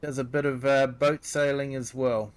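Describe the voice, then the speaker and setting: A man's voice: mid-range voice, normal speed, clean tone. A middle-aged man with a New Zealand accent, chatting casually with viewers on a game stream. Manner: relaxed, chatty, replies to viewers. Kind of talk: casual live-stream chat.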